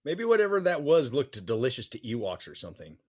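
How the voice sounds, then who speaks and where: Man, podcast co-host, sarcastic jokes, expressive up-and-down pitch, casual chat. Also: fast, husky. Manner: joking, sarcastic, slips into silly voices.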